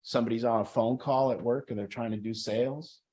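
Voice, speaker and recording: A man's voice: medium pitch, steady tone, fairly quick, mellow. A man talking earnestly to a recovery group, acting out people's inner voices as he explains. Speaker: group facilitator. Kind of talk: motivational group talk.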